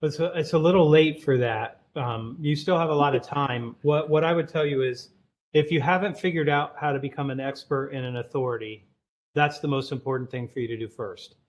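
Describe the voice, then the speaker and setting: A man's voice: on the high side, brisk. A man speaking as a podcast guest, talking through sales advice in a direct, opinionated, plain-spoken way. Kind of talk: casual podcast conversation.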